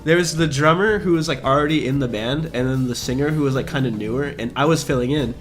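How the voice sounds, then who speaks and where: Young male co-host, relaxed chat, halting recall, medium pitch. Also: faint music behind. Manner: short reactions, trails off while recalling. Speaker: podcast co-host. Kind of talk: casual chat.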